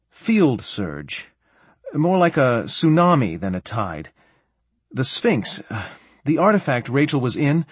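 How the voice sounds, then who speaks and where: A man's voice: medium pitch, husky, no room sound, voice pushed up. A man doing a hesitant male researcher. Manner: halting, searching for words.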